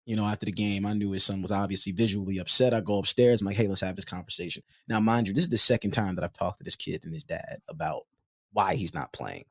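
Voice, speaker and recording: A man who hosts a podcast and coaches youth basketball tells a story in lively casual chat, often repeating himself when excited. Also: lowish voice, fast talker, creaky, no room sound, clean studio sound.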